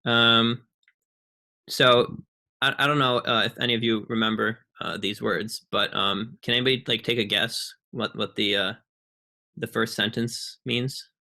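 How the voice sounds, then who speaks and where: Young man presenting, bright and halting. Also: mid-range voice, steady tone, gravelly. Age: young adult. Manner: halting, many ums and restarts. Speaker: student presenter. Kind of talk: casual online presentation.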